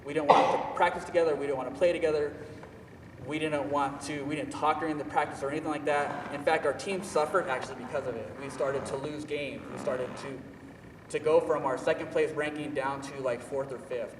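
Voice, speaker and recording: A fairly high-voiced young man tells a story in a lively, self-mocking way, leaning hard on his words. He sounds set back from the mic in a large echoey hall, with a faint hum of the room behind him. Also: fairly quick, far from the mic. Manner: animated, self-mocking, emphatic. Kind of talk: personal storytelling talk.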